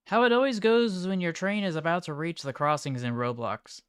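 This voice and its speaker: A man livestreaming, reacting to chat images in an offhand, mumbling way with sudden excited outbursts. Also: on the high side, brisk, clear, resonant tone, no room sound, clean studio sound. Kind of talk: casual live-stream commentary.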